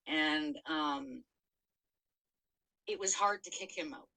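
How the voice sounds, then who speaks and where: A woman's voice: sits low, takes it slowly, vocal fry, pauses often, sharp tone, poor audio. A middle-aged woman frankly telling her own story on a podcast, swearing freely, with many fillers and restarts. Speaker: podcast co-host. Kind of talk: candid personal storytelling.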